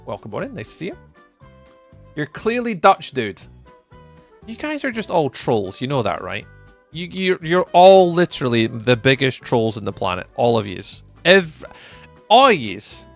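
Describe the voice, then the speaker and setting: A man's voice: sing-song, normal speed. A young Scottish man chatting casually on a live stream, reading and answering viewer messages. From Scotland. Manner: chatty, jumps high when greeting viewers. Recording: faint music behind.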